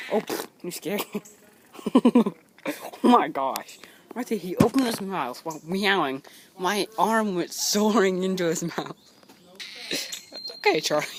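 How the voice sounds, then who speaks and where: A woman filming her cats at home on her phone, talking playfully to them in a cooing way and giggling often, sleepy from just waking up. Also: on the low side. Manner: cooing, playful talk to pets, frequent giggles. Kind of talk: casual home video chat. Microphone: handheld phone camera. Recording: phone video with clear background noise.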